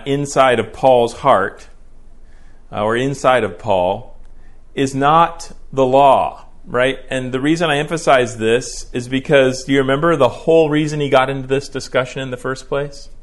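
A man preaching through a Bible passage, explaining it step by step and often checking in with a rhetorical "right?". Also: medium pitch. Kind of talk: expository Bible teaching.

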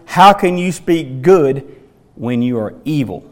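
A man's voice: mid-range voice, expressive, slow. A man preaching a sermon, reading scripture aloud and dramatically restating the quoted lines. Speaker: pastor.

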